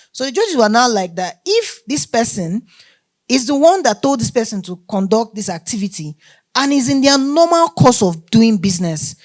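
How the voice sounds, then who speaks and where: A woman teaching a workshop on law, emphatic and often checking that listeners follow. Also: medium pitch. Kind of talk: lecture to a live group.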